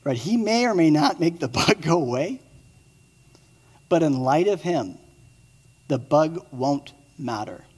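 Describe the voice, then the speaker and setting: A man in his thirties giving a sermon as pastor, moving between lively storytelling and quiet, earnest appeals to the listeners. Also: on the high side, a little slow, long pauses, husky, in a large hall. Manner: swings from excited storytelling to hushed earnest appeals.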